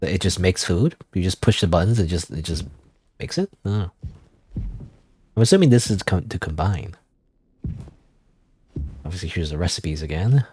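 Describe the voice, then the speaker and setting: Low-voiced man rambling through a game. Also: expressive, normal speed, long pauses, darkish tone, a little hiss or hum. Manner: rambling, thinking aloud, casual. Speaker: gaming streamer. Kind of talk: let's play commentary.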